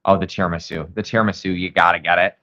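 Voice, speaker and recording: A man co-hosting a casual live stream, hoarse, enthusiastic and rambling with many fillers. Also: low voice, fairly even intonation, very fast, bright, forceful tone, muffled recording. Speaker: co-host.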